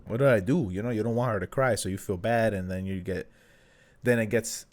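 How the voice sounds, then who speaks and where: A man co-hosting a podcast as a new father, talking in a casual, halting way, with plenty of fillers, a few Spanish words, and his own past thoughts acted out. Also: lowish voice, steady tone. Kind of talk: casual chat.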